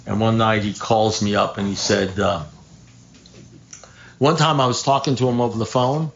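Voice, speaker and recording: Older man telling a lively recovery story. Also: lowish voice, moderate pace, dull audio, slight background noise. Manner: animated storyteller, acts out phone calls, swears, laughs at his own punchlines. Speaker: AA speaker. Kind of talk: storytelling share at a recovery meeting. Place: meeting room.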